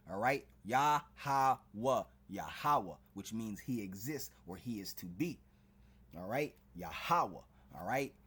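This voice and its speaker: A man with a husky, slightly rough voice preaches fervently to his viewers. He punctuates nearly every phrase with "all right?" and "man". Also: on the low side. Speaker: street preacher. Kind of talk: preaching to a video audience.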